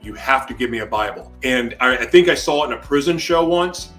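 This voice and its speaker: A man as an interview guest, telling a personal testimony in an animated way and acting out his own shouted words. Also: medium pitch, fairly quick, faint music behind.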